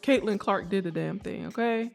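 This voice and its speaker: A woman's voice: mid-range voice, moderate pace, vocal fry, a little mellow, faint music behind. A young woman co-hosting a podcast, talking in a chatty, slangy way and laughing often. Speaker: podcast co-host. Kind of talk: casual chat.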